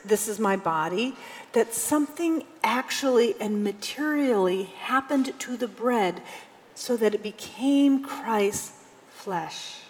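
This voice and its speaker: Slow-preaching woman pastor in a hall. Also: a little high, expressive, darkish tone. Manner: conversational preaching with dramatic readings. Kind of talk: sermon. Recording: long hall reverb.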